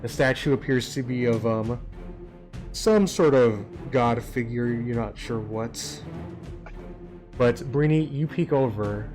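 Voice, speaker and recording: A man's voice: medium pitch, takes it slowly. A man running a tabletop game as game master, describing scenes in a loose, rambling way with many hesitations. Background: soft background music.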